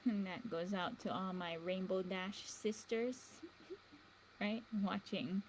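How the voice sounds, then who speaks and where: A woman's voice: mid-range voice, fairly even intonation, takes it slowly, a little hiss or hum, rough recording. A woman hosting a show in a meandering casual monologue, chuckling between thoughts. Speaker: livestream show host.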